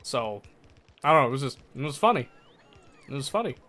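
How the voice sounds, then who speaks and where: A man's voice: medium pitch, big pitch swings, brisk, bright, forceful tone. A young American man chatting casually on a livestream, laughing often and answering chat. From United States.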